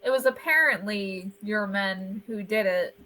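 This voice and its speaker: A woman's voice: mid-range voice, unhurried, pushed and bright, a little hiss or hum. A woman playing a tabletop game, chatting casually at the table. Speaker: player.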